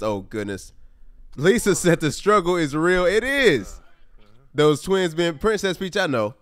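A gaming YouTuber with a voice on the high side, recorded dry, gives casual let's-play commentary on a life-simulation game. Animated and exasperated, he talks straight to his viewers as "y'all."

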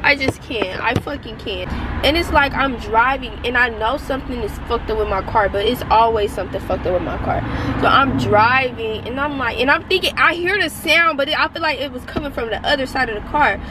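Young female vlogger, tearful, profane, rambling, higher voice, noisy roadside phone recording. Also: brisk. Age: young adult. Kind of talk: casual vlog rant. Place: parked car by roadside.

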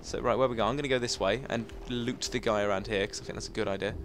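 A man giving chatty, excitable let's play commentary, talking to himself as he plays. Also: fairly low pitch, very fast, slight background noise. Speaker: gaming commentator.

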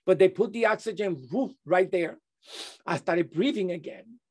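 A middle-aged man, an interview guest recounting a personal testimony in halting speech full of restarts and repeated words. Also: sits high, darkish tone, breathy edge.

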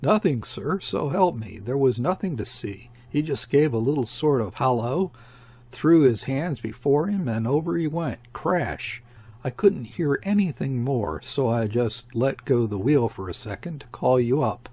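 A man's voice: mid-range voice, lively intonation, a little slow, a little mellow, slightly rough. A man voicing a nervous male sailor at the helm, speaking in a rattled, jittery way.

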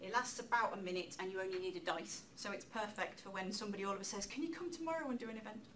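A woman giving a public talk in a lecture room, lively and chatty, with self-deprecating asides. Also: medium pitch, racing. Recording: distant mic with faint room noise.

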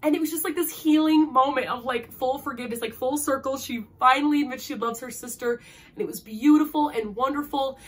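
Young woman book vlogger, slightly high voice, emotional and gushing, fillers throughout. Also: fairly quick, slightly rough. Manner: gushing, emotional, heavy use of "like". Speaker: book reviewer. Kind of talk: casual book review vlog.

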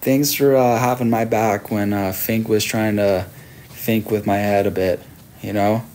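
On a late-night livestream, an Australian man in his thirties reads his chat aloud, casually ribbing his viewers in a playful manner. His voice is lowish and darkish, his intonation fairly even and his pace measured, with a bit of background noise.

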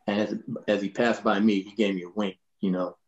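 Man, 60s, bassist raconteur, low voice, relaxed storyteller, muffled recording. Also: a little fast. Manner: relaxed, laughing, lots of "you know". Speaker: bass player telling stories. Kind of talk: anecdotal storytelling in a panel.

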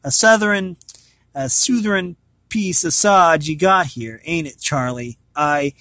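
A kindly Irish workman with a soft, folksy brogue, as a man reading aloud puts him on. The voice sits a bit high and sounds close and dry, with no room around it. His speech is gentle and homely, as in a storybook read at home. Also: no room sound. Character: kindly Irish workman saying goodbye to his old horse.

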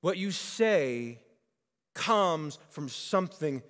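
A male pastor preaching a sermon, conversational and animated, telling stories and acting out quoted lines. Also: a little high, drawn-out words, long reverb tail.

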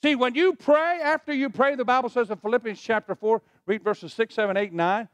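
Male pastor, middle-aged, high animated delivery, call-and-response sermon, dry close sound. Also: fairly quick, dry recording, lo-fi sound. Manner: preaching with call-and-response to the congregation. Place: church sanctuary.

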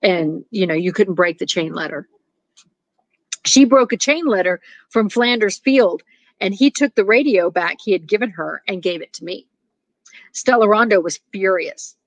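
A woman reads a short story aloud with lively expression and breaks off for chatty asides to her listeners. Her voice sits at a middling pitch. The recording is dry and close, with no room sound. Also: normal speed, dry recording, highs cut off. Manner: animated, laughs at the story. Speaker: reader.

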